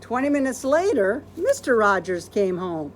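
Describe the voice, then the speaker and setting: A librarian reads a children's storybook aloud with gentle, expressive storytelling. Her pitch moves up and down a great deal, keeping the tale lively for young listeners. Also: normal speed, slight background noise.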